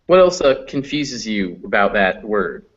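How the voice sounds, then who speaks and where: Guy running an online pronunciation class, slow careful modelling of sounds, kinda muffled stream audio. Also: lowish voice, big pitch swings. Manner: patient, encouraging, models sounds slowly. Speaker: pronunciation teacher. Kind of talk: live online pronunciation lesson.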